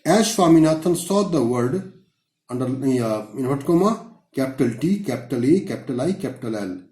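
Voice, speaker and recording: A man's voice: mid-range voice, animated, warm tone. Man dictating lesson answers in an echoey room. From India. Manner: dictates slowly, spells out words letter by letter. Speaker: school English teacher. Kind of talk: dictating lesson answers, reading punctuation aloud.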